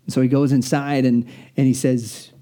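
A man preaching a sermon in an earnest, storytelling manner, slowing down to stress key words. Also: mid-range voice, flat delivery, dark tone. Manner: earnest, storytelling, slows down for emphasis.

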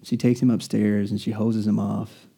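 A male preacher delivering a sermon in an earnest, storytelling style. His voice is very dark and mellow, and he drags out important phrases for weight. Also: on the low side, little pitch movement, creaky, slightly rough. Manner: earnest, storytelling, slows down for emphasis.

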